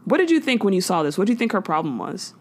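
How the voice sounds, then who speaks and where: A woman's voice: mid-range voice, racing. A woman hosting a podcast, recapping a sitcom in casual, slangy chat and acting out the characters' lines. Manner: animated storytelling, slangy, acts out quotes.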